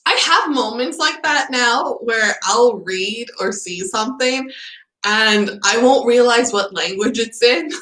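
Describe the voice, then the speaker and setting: On a casual livestream, the channel host, a young native English-speaking woman, talks in a fairly high, somewhat bright voice. She laughs a lot and acts out her own stories as she goes. There's a roomy echo to the sound.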